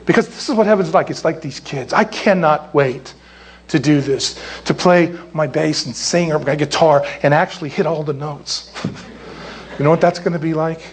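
A middle-aged man from California preaching a sermon as a pastor, jokey and animated, squealing when he acts out quotes. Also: a little high, moderate pace.

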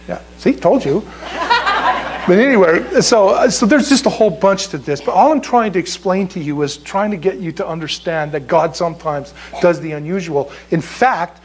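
Animated high-voiced older man preaching. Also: slightly rough. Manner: animated, emphatic, rises sharply when stressing a point. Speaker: pastor. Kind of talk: sermon storytelling.

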